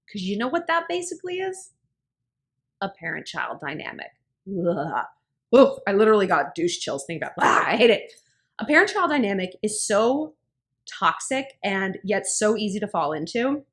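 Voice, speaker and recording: A woman in her thirties talking to camera about relationships, candid and blunt, with profanity and animated emphasis. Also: mid-range voice. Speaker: relationship advice vlogger. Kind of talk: casual talk to camera.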